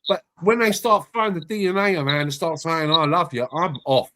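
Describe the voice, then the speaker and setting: A man hosting a casual online chat in a notably high voice. He talks bluntly and full of slang, often lecturing the others. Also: fairly quick, pushed and bright, a little hiss or hum. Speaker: host of live stream chat.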